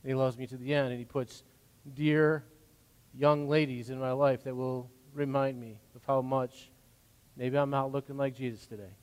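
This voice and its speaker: A man preaching a sermon as pastor, swinging from hushed, gentle passages to loud, emphatic lines. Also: mid-range voice, little pitch movement, normal speed, clean tone. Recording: long hall reverb.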